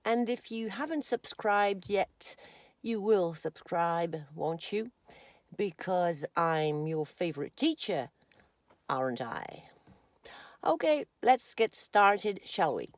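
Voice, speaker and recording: A woman teaching an online English grammar lesson, expressive and playing with intonation, often checking in with "okay?". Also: fairly low pitch, slow.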